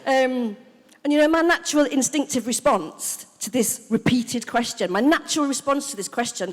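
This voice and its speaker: A woman from Hull, England, giving her personal testimony as main speaker at a recovery convention, excited and animated. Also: high-pitched, a little fast. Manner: excited, animated, breathless storytelling. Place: large convention hall. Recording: long reverb of a large hall.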